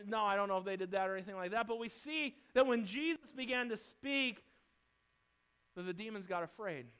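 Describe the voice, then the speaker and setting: Preaching a fervent sermon in church, a male pastor with a high-sitting voice alternates between loud, emphatic declarations and quieter asides.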